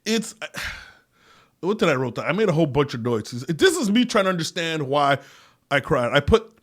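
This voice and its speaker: Male solo podcaster, slightly high voice, loose and profane, laughs a lot, loud one moment and mumbling the next. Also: normal speed. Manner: rambling, profane, laughs often, loses words; animated, swings between loud and quiet. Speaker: podcast host. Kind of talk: casual solo monologue.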